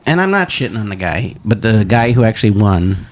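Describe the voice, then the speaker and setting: Animated man on a podcast, wide-swinging pitch. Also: a little fast. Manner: animated, laughing, slips into goofy voices. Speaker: podcast co-host. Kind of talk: casual chat. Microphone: studio desk microphone.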